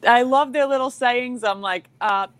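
A woman comedian chatting as a podcast guest, giggly and rambling, telling stories in an animated way. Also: on the high side, normal speed, clear, resonant tone, no echo. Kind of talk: casual podcast chat.

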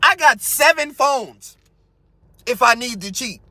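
Man, podcast host, crude comic rant, high voice, slow unhurried delivery, dry close mic. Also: lively intonation, dry recording. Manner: crude, loud, cracks himself up, trails into mutters. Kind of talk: profane comedic commentary on a read-out story.

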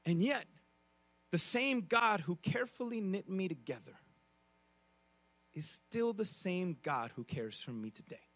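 Man, very high voice, bright tone, conversational sermon, dry close sound. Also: measured pace, long pauses, no room sound. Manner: conversational, animated, with frequent restarts and asides. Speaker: pastor.

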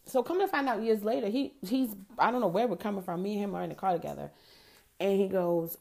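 A middle-aged woman hosting a show, telling a personal story in casual chat, frank and profane, getting animated when riled up. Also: fairly low pitch, a little fast, gravelly. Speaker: podcast host.

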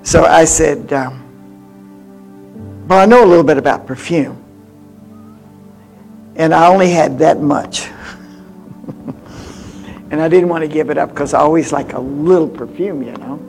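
A woman in her eighties preaching a sermon with personal stories, swinging from loud exhortation to hushed confiding. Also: low voice, unhurried, vocal fry, pauses often, faint music behind. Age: 80s.

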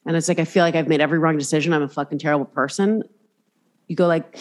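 A woman's voice: low-pitched, fairly even intonation, rapid-fire. A woman hosting a podcast in casual chat, talking candidly, swearing freely and acting out voices as she tells stories. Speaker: podcast host.

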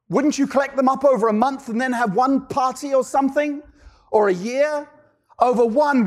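A man's voice: extremely high pitch, normal speed. A male pastor preaching a sermon, firing off rhetorical questions and repeating key lines for emphasis.

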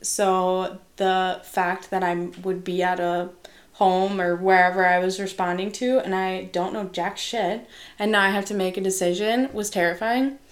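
A young woman from Wisconsin talks in a relaxed, chatty way as she co-hosts a podcast. She is frank and laughs easily. Her voice sits at a middle pitch. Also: normal speed. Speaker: podcast host, social worker. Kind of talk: casual podcast chat.

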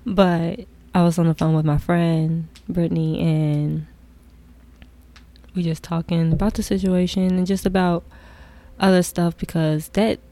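A woman's voice: lowish voice, measured pace, no room sound. Candid young woman telling a story. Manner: candid, animated, drifting into soft whispered asides. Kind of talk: casual storytelling.

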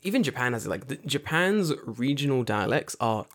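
A man's voice: mid-range voice, very animated, a little fast. A man chatting casually as a podcast co-host, rambling and joking, often slipping into silly put-on voices. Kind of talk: casual chat.

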